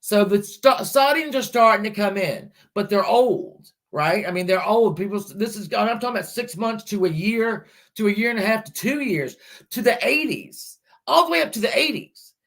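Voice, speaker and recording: Telling a true-crime story casually to a live audience, a woman keeps interrupting herself to greet chatters and react to their comments. Her voice is mid-range and a bit bright, animated, at a moderate pace.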